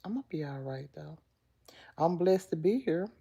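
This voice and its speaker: A woman's voice: low-pitched, lively intonation, moderate pace, gravelly, warm tone, slightly rough. A middle-aged woman hosting a casual live stream, talking straight to viewers and answering chat comments. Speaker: livestream host.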